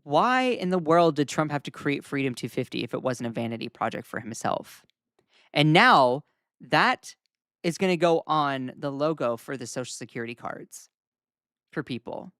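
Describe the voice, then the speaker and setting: A young man hosting casual live-stream news commentary, chatty and animated as he reacts to viewer comments. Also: on the high side, moderate pace, no echo, clean studio sound.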